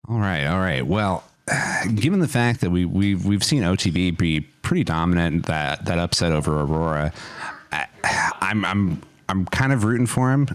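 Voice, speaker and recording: A man co-casting an esports broadcast, friendly and a bit halting, often restarting his sentences. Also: low voice, expressive, no echo. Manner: friendly, hesitant, many restarts. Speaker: esports co-caster. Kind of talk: casual esports broadcast commentary.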